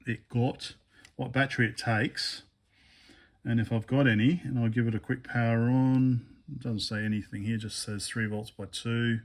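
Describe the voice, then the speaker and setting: A man giving a casual hands-on teardown commentary, thinking aloud in a hesitant, low-key way with many fillers and restarts while he works. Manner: low-key, mutters asides while working with his hands. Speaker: electronics hobbyist vlogger.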